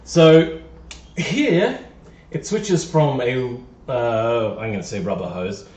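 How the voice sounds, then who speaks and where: A man's voice: mid-range voice, lively intonation, takes it slowly, a little mellow. Man, car repair streamer, muttering to himself, playful, self-mocking, distant mic, echoey garage. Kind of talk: casual live-stream chatter while working. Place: garage or workshop.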